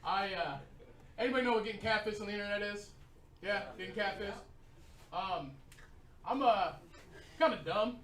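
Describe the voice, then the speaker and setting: A man's voice: high-pitched, normal speed, long pauses, a crowd in the background. A man with an Indiana accent doing a crude, rambling stand-up set full of fillers in a small comedy club. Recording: roomy club sound from a distant mic.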